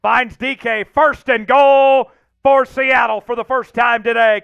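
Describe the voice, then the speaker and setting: High, gravelly play-by-play host. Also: male voice, unhurried, dull audio. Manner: excitable, shouts out chat names and hypes touchdowns. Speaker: host calling a simulated game for a livestream. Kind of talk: live play-by-play commentary.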